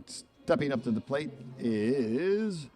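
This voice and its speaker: A man calling a live baseball game play-by-play, chatty and rambling into asides between pitches. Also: lively intonation, takes it slowly, warm tone, soft background music. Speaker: play-by-play commentator.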